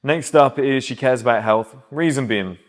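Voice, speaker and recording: A man's voice: mid-range voice, normal speed. A man, giving blunt, emphatic dating advice in a casual, conversational monologue. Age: 30s.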